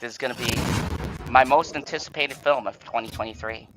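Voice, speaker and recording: A man hosting a casual fan podcast, swearing and stammering, swinging between exasperation and excitement. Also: medium pitch, a little fast, noisy background. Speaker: host.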